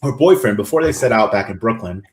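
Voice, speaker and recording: A man's voice: on the low side, quick pace. Male podcast co-host, casual recap, slips into the characters' voices, roomy echo. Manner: animated retelling with acted-out quotes. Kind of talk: casual chat.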